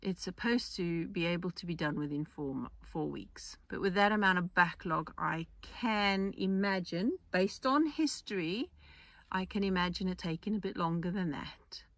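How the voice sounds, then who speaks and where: A woman's voice: lowish voice, normal speed, no echo. A woman hosting a podcast, talking in a chatty, rambling way with restarts and asides. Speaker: podcast host. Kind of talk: casual monologue.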